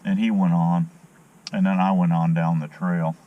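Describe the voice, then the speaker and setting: Rambling low-voiced man fishing outdoors. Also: flat delivery, moderate pace, muffled recording. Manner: folksy, rambling, opinionated, many fillers. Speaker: fishing vlogger. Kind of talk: casual rambling vlog chat. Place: outdoors by the water on a dock.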